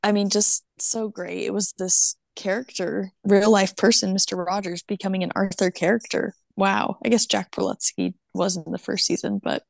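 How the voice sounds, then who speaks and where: A woman's voice: mid-range voice, steady tone, moderate pace, vocal fry, hardly any pauses, no room sound, studio quality. A young woman chatting casually and enthusiastically, laughing often as she recaps. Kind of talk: casual chat.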